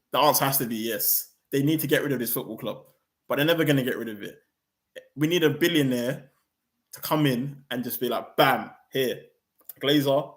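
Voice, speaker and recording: A young man hosting a football fan channel, ranting in a heated, slangy, animated way. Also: mid-range voice.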